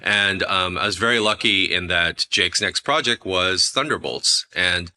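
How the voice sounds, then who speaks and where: Male editor guest, reflective and conversational, low and bright voice. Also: measured pace. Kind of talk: conversational interview.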